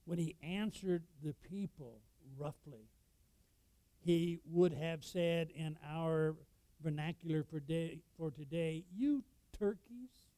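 A man preaching a sermon, reading scripture and explaining it with sudden loud emphasis. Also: a little high, fairly even intonation, slow, no room sound, rough recording. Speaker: pastor.

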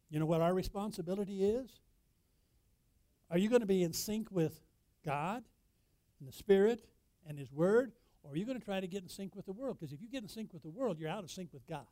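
High-voiced pastor preaching a sermon. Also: male voice, no echo. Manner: preacherly, rising to loud emphatic peaks and dropping low; asks the congregation questions.

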